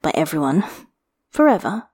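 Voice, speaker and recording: Woman narrator, slightly low pitch; unhurried, intimate fiction reading. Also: very animated, darkish tone, slightly rough. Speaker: reader.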